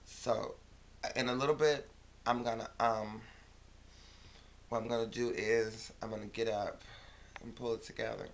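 A man ranting profanely to his camera at home, swinging between loud shouting and low muttering. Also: fairly even intonation, a little slow, long pauses. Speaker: vlogger. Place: at home after waking.

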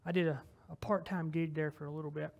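A man's voice: a little high, little pitch movement, fast talker, creaky, a little mellow. A young man with a Southern US accent giving an informal church sermon and closing prayer, folksy and rambling, self-deprecating, with frequent restarts. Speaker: lay preacher.

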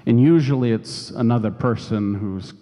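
A man's voice: medium pitch, moderate pace, warm tone. A man preaching a sermon as pastor, telling a personal story in a conversational way. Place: church sanctuary. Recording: long church reverb.

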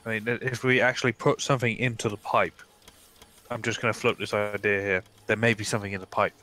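Dry-humored lower-voiced gamer man. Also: little pitch movement, fast, bright, forceful tone. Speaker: co-player. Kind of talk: casual multiplayer game chat.

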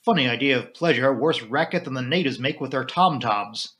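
A man voicing a gruff middle-aged army major who talks in clipped, terse phrases. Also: mid-range voice, expressive, brisk, fairly bright tone, close to an everyday voice. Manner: clipped, terse, drops sentence subjects.

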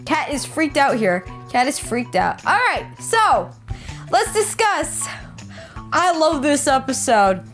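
A woman's voice: high-pitched, sing-song, takes it slowly, a bit bright, soft background music. A young woman hosting an anime reaction video, gasping, squealing and repeating herself as she comments.

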